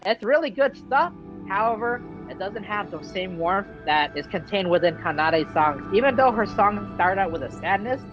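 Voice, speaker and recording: A vlogger casually recapping a game's story in an excitable, slangy way. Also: mid-range voice, moderate pace. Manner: excitable, slangy, acts out character quotes. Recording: dull lo-fi with faint music.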